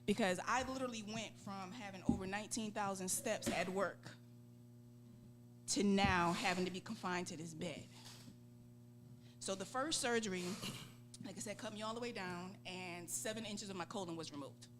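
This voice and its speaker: A woman's voice: mid-range voice, moderate pace, music in the background. Woman telling a story with laughter. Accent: Southern US. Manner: laughing, acts out voices in quotes. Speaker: guest. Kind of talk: animated storytelling. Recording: steady background hum.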